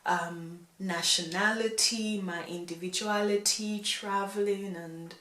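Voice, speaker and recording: A young woman vlogging in a reflective, casual way, pausing often with fillers as she thinks aloud. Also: mid-range voice, fairly even intonation, sharp tone, echoey room, rough recording. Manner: slow, thoughtful, pauses with fillers. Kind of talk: reflective casual talk to camera.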